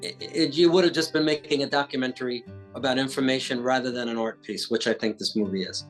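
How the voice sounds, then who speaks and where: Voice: mid-range voice, fast, faint music behind. A festival interviewer speaking over a video call from rural Virginia, chatty, laughing often and praising the guest's work.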